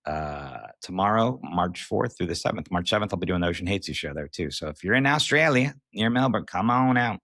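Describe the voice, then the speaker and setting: A man's voice: low-pitched, expressive, brisk, few pauses, fairly bright tone, no room sound, clean studio sound. An American man and comedian hosting a solo podcast, talking candidly in a rambling, self-mocking way. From United States. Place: recording while on tour away from home.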